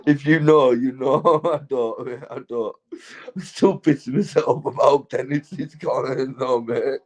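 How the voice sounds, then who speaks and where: Steady in tone and slow in pace, a medium-pitched man with a Yorkshire accent hosts a livestream from Keighley, Yorkshire, England. Stoned and tipsy, he rambles, swears and laughs during casual chat with viewers, and the audio is poor.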